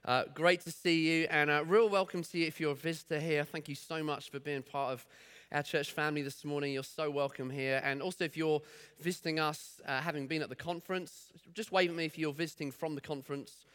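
A male pastor delivering a sermon in church, chatty and story-driven. His voice sits a little high and rings bright and forceful. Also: fairly even intonation, fairly quick, few pauses, clean tone.

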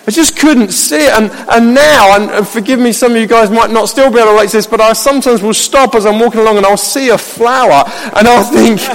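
High-pitched gravelly male preacher in a hall. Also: fast talker, hardly any pauses. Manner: conversational, anecdotal, swinging between loud exclamations and hushed reflection. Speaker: pastor. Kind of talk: sermon.

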